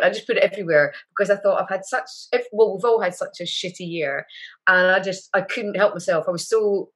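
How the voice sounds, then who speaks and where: A woman, a guest on an interview, talking openly and emotionally with lively retellings. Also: medium pitch, fairly quick. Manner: emotional, candid, animated retelling. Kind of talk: casual interview chat.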